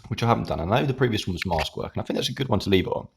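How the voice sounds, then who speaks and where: A man's voice: on the low side, expressive, very fast, gravelly, background noise. A man, hosting his own channel, chatting casually in a rambling way while eating with his mouth full. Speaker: YouTube channel host.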